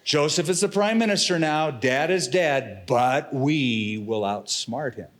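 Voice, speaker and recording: A middle-aged male pastor delivers a sermon with dramatic, expressive phrasing and casual slang. His voice sits a little on the high side. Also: unhurried.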